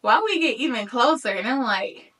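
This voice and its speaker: A woman in her thirties telling a personal story to her viewers in a lively, chatty way, talking to them as y'all. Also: a little high, normal speed, far from the mic. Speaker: vlogger.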